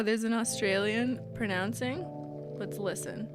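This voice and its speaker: A woman chats on a live stream in a bright, forceful voice that sits a touch high, giggling often between her words. Her delivery is slow and unhurried. Soft music plays faintly underneath. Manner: giggly, laughs often, reads letters aloud. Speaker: streamer hosting a mail-opening show. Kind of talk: casual live-stream chat.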